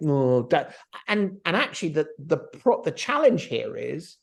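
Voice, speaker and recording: A man's voice: a little high, moderate pace, gravelly. A middle-aged man co-hosting a business podcast, talking animatedly and acting out quoted voices in a casual discussion. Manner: animated, acts out quotes of others. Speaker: podcast co-host.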